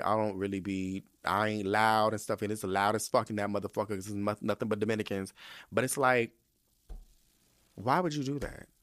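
A young man telling a story to his podcast audience in a casual, profane and animated rant. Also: lowish voice, no room sound, clean studio sound. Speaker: podcast host.

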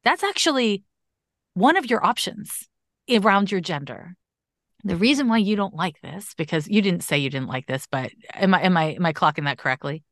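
A woman's voice: lowish voice, moderate pace, no echo. Emphatic woman astrologer, dry sound. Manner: emphatic, animated, casual swearing. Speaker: astrologer podcast host. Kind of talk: conversational astrology reading.

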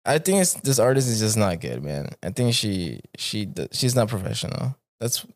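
A man's voice: fairly low pitch, sing-song, normal speed, no echo, clean studio sound. A man hosting a podcast, reading stories aloud in a laid-back, casual way and swearing freely.

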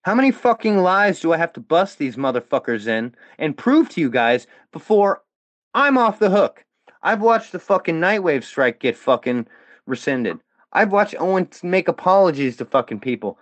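A man rants in anger, swearing freely and swinging his pitch up and down as he pushes back. The sound is dry and a little dull, like a lo-fi recording. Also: a bit bright, dry recording. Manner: profane, heated and defiant. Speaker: guest. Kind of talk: angry rant.

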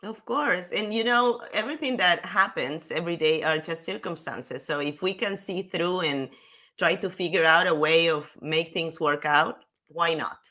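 A woman in her fifties from Peru talks as a podcast guest, her first phrasing plain in her English. She is sick, so her voice comes out rough and very low. She giggles easily between her answers. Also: moderate pace. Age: 50s. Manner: warm, giggly, speaks in simple phrasing. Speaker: guest, author and coach. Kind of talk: casual interview chat.

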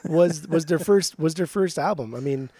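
A man's voice: on the high side, moderate pace, dry recording. A man co-hosting a podcast in casual chat, ranting in mock outrage and swearing as he ribs his friend. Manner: mock-outraged, swears a lot, animated ribbing. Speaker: podcast co-host.

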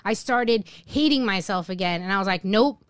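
A woman in her forties speaks as a podcast guest in a smooth, clear voice. She tells her story with emphasis and acts out her own remarks. The studio sound is dry and close. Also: medium pitch, fairly quick, a bit bright, no room sound. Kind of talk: casual chat.

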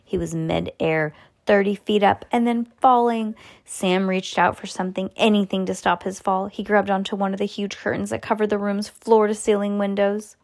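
A woman reads a children's chapter book aloud with lively, animated delivery. Her voice leaps upward on the exclamations and sound words, then settles back into the telling. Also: mid-range voice, moderate pace, creaky. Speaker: storybook reader.

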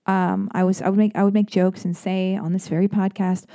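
Woman podcast host chatting loose and jokey, mellow warm voice, dry close sound. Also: mid-range voice, level tone, fairly quick, few pauses, dry recording. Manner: rambling and self-deprecating, full of fillers and jokey asides. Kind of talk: casual personal monologue.

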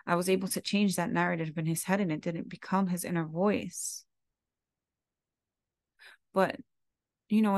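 Low, gravelly-voiced woman speaking from the heart. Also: a little mellow, no room sound, clean studio sound. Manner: heartfelt and confessional, casual swearing. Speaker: podcast host. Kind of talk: candid reflective monologue.

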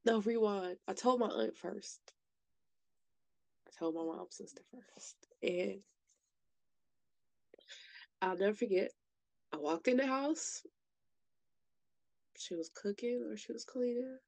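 Woman, late 20s, gravelly, candid storytelling, dry close sound. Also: mid-range voice, slow, long pauses, darkish tone, no echo. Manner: candid, emotional, says "like" often. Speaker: podcast guest sharing her story. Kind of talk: personal storytelling.

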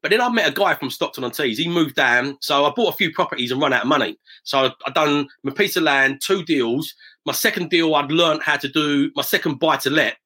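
A middle-aged man talks quickly in a bright, slightly husky voice. He tells stories in a casual, anecdotal way and slips into the voices of people he quotes. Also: on the high side. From south-east England, near Romford. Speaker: property investor, guest. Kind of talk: casual storytelling interview.

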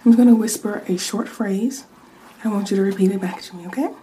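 A woman in a whispered role-play, acting as an examiner who gives a hearing test and whispers words softly into each ear. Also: mid-range voice, fairly even intonation, a little hiss or hum, low-quality recording. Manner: soft, slow and soothing, whispering word lists into each ear.

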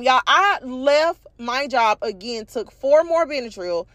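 Profane woman with a high voice. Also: measured pace, dry recording. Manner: profane, animated, addresses viewers as y'all. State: congested from allergies. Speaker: vlog host. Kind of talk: casual storytelling rant.

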